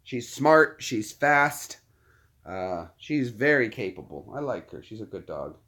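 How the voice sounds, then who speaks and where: Man cooing softly to his dogs. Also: fairly low pitch, sing-song, unhurried. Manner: soft, cooing baby talk to his dogs. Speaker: channel host. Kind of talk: casual live chat.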